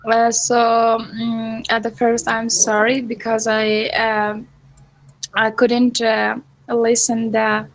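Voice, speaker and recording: A female student answers her teacher on a video call. She speaks slowly and flatly, and her voice sits a little high. She stops often and fills the gaps with many ums and uhs. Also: slight background noise, poor audio. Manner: halting, many fillers. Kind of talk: online class discussion.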